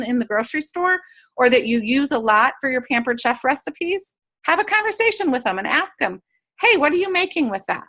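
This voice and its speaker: A woman with a high, bright voice leads a sales training session over a video call. She coaches in an upbeat way and slips into quick sample chats with customers. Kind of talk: training talk to direct sellers.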